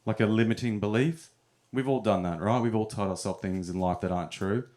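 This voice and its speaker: A man's voice: fairly low pitch, brisk, darkish tone. A young man telling stories in a stand-up set at a comedy club, often chuckling at his own punchlines.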